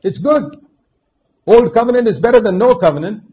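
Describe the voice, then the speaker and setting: A man preaching a sermon, emphatic, dropping to quiet asides and then rising to loud, stressed words. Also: high-pitched, expressive, normal speed. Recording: dull lo-fi recording with faint noise.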